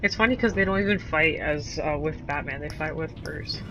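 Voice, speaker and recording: A woman's voice: low voice, moderate pace, dull audio, background noise. A woman giving casual, rambling commentary on a video game she just finished, hesitating often with fillers. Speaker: gameplay video host.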